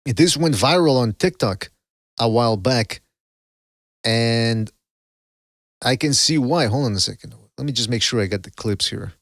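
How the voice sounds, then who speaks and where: A man's voice: medium pitch, measured pace, pauses often, no room sound, clean studio sound. A man hosting a casual podcast, joking, laughing often and drifting into asides. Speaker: podcast host.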